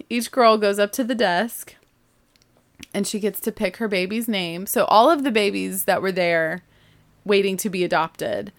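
Brief: woman, thirties, mother type, casual chatty storyteller, mid-range voice, lively and amused delivery. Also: mid-range voice. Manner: animated, chatty, laughs while telling.

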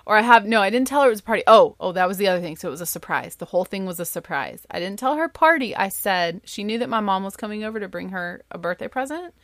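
Woman, thirties, casual storyteller, lively and chatty, dry close sound. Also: fast, few pauses, no echo. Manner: lively, chatty, full of "like" fillers, jumps much higher for quoted voices. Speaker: mother telling a family story.

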